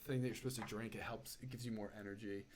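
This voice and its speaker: A young man appears as a guest on a podcast, telling a story in casual conversation. His voice sits on the low side with a steady tone, and he talks at a racing pace, full of fillers and "dude," building momentum as he goes. Crowd noise can be heard behind him.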